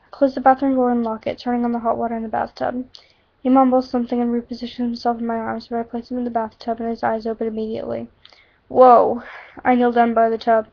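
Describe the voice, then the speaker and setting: A woman's voice: a little high, monotone, fast, vocal fry. A woman reading a story aloud, tossing in casual asides and fixing her own slips, on a dull lo-fi recording. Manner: casual asides and self-corrections. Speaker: reader.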